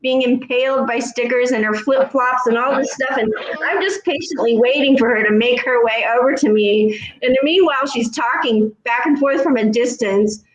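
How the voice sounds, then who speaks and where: A woman's voice: fairly high pitch, moderate pace, hardly any pauses, lo-fi sound. A woman telling a story in a casual chat, acting out the other voices as she goes. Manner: animated, acts out other voices in her stories. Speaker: co-host. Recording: echoey room.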